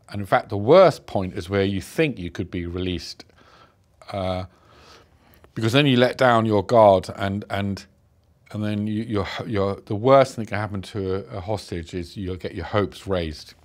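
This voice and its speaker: Middle-aged british guy, lowish voice, telling his story slow and halting. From Britain. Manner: reflective, halting, many restarts. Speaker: interview guest. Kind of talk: personal storytelling in an interview.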